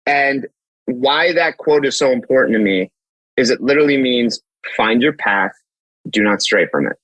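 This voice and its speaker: A man in his thirties, a fitness coach, talking in an animated podcast conversation, telling stories and acting out dialogue with casual swearing. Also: medium pitch, moderate pace, no room sound, low-quality recording. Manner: energetic, storytelling, acts out dialogue, swears casually.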